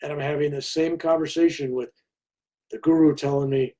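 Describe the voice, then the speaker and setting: An older man appearing as an interview guest tells a story animatedly, acting out other people's lines as he goes. His voice is a little high and a little fast.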